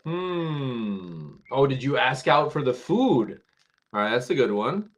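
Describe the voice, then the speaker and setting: A man teaching English phrasal verbs on a live stream, patient and slow, repeating words for learners. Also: medium pitch, big pitch swings. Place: home, Tampa area.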